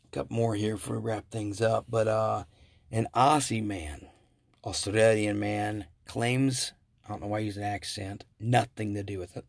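Male podcast host, low gravelly husky voice, rambling casual delivery, dry close mic. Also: completely flat delivery, quick pace, a little mellow, no echo. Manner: rambling, self-correcting storyteller with chuckles. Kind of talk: casual solo podcast commentary.

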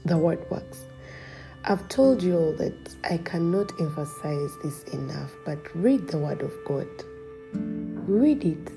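A woman's voice: deep voice, lively intonation, slow, gravelly. A woman giving casual, earnest spiritual encouragement as a podcast host. She often laughs lightly and at times drops to a near-whisper. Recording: music playing behind.

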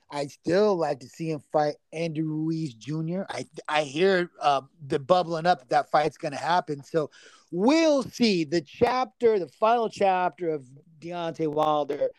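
A man's voice: on the high side, expressive, moderate pace, no echo. A man co-hosting a casual sports betting podcast, talking loosely, swearing freely and stumbling over fighters' names. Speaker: podcast co-host.

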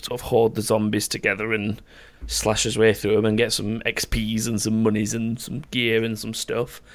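A man's voice: lowish voice, monotone, moderate pace. Laid-back guy rambling through a story. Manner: rambling, laughing storyteller who swears freely. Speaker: podcast host. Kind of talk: casual chat.

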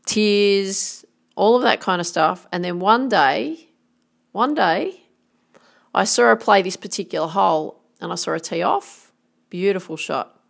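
Casting: middle-aged woman, golf coach, earnest and emphatic, with a touch of vocal fry. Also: medium pitch, animated, unhurried. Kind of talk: motivational talk with anecdotes.

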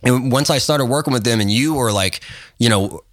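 A man's voice: medium pitch, moderate pace, dry recording, studio quality. A man on a podcast telling a long story, full of fillers and restarts, acting out the other people as he goes. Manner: rambling, lots of fillers and restarts, animated retelling. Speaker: guest photographer. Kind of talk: casual interview storytelling.

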